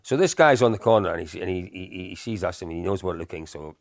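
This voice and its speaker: A middle-aged man, a podcast co-host, telling animated anecdotes in casual chat with frequent laughs. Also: deep voice, fast, gravelly, no room sound, studio quality.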